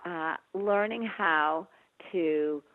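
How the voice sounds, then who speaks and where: A middle-aged woman, a guest on a podcast, answering reflectively in a slow, gentle, soft-spoken way with many pauses. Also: on the low side. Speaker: author and guest on a health podcast. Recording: tinny phone-line sound.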